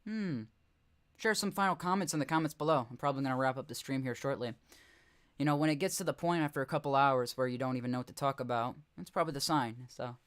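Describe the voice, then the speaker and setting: A man's voice: mid-range voice, quick pace, a bit bright, clean tone. A young man casually commenting on game footage during a live stream, rambling and correcting himself with chuckling asides.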